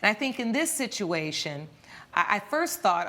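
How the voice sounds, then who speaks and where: A woman presiding as a television court judge, questioning the parties in a measured, probing, authoritative way. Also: mid-range voice, very animated, a bit bright.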